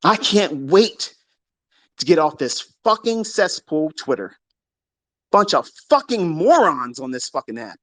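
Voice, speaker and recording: A man ranting crudely and mockingly as a trading educator, swinging from low mutters to loud outbursts. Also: very animated, measured pace, dry recording. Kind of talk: profane rant.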